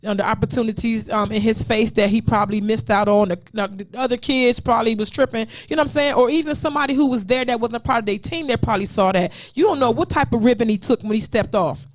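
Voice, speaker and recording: Blunt, high-voiced woman talk host. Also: fast, hardly any pauses, dry recording. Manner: blunt, profane, animated storytelling. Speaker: podcast co-host. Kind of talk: uncensored casual chat.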